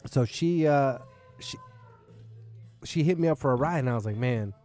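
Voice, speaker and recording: A man's voice: mid-range voice, normal speed, darkish tone, soft background music. A man hosting a podcast in a bar, a comedian telling a long, rambling, profane story in casual chat.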